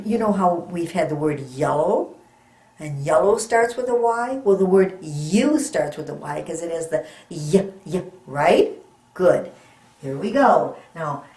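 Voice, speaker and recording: A woman teaching young children to read, sounding out letters slowly and patiently with encouraging praise. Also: fairly low pitch, dark tone, reverberant. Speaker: reading teacher. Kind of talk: phonics lesson for young children.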